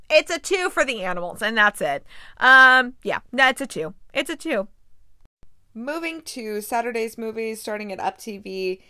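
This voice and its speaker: A woman's voice: mid-range voice, sharp tone, no echo, studio quality. A young woman hosting a show, chatting casually about a movie plot and acting out the characters' lines with incredulous reactions. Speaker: podcast host reviewing movies. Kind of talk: casual chat recapping a movie.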